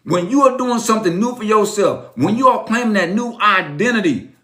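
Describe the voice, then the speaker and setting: A man's voice: sits high, lively intonation, fairly quick, fairly bright tone, reverberant. A middle-aged man giving an emphatic, preachy motivational talk on a live stream, greeting viewers and repeating his key lines.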